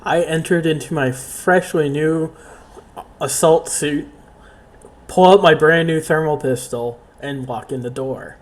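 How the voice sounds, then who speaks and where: A man's voice: fairly high pitch, steady tone, a little slow. A man playing a tabletop game, brash and swearing as his character. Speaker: player.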